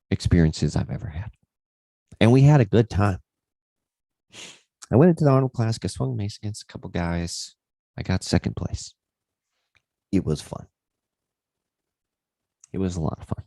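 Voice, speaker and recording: A man with a low voice tells a rambling story on his fitness livestream. His pitch swings up and down a lot, and he swears freely. The sound is dry and close, with no room echo. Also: big pitch swings, moderate pace, gravelly, long pauses, mellow.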